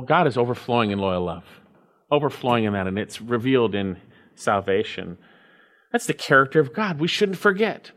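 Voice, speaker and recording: A man preaching a sermon, reading scripture slowly and repeating key phrases for emphasis. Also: mid-range voice, a bit bright. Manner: reads scripture slowly and deliberately. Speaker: pastor.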